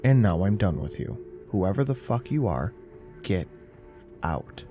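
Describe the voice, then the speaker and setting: A man's voice: sits low, expressive, a little slow, a little mellow. A man voicing a blunt, fed-up male homeowner who curses and threatens. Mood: angry. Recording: narration over faint music.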